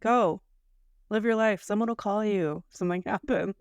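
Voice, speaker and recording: A woman in her thirties from the United States, co-hosting a casual podcast and retelling a story with lively acted-out asides. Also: medium pitch, normal speed, smooth, no room sound. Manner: animated storyteller, acts out quoted lines. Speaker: podcast co-host.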